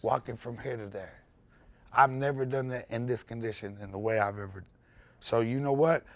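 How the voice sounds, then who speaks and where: A man speaking as a podcast guest, telling his story in loud, animated, candid conversation and swearing freely. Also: mid-range voice, moderate pace, no echo.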